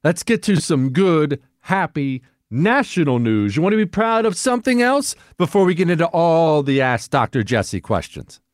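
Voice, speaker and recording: A man hosts his own political radio show, driving a fiery monologue with plenty of emphasis. He slips now and then into mocking voices. His voice sits a little high for a man and is recorded close and dry in the studio. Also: sing-song, normal speed, few pauses, no room sound. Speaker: radio talk show host.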